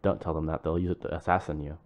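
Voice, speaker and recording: Fast-talking deep-voiced man, joking co-host. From United States. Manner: quick, joking, deadpan asides. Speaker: podcast co-host. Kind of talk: casual chat.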